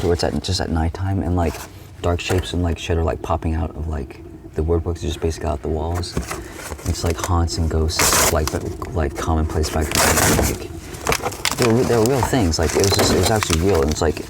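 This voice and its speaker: With a low, gravelly voice, a young male streamer rambles casually about a dream, stuffing his speech with "like," restarting often, and swearing frequently. The audio is very noisy.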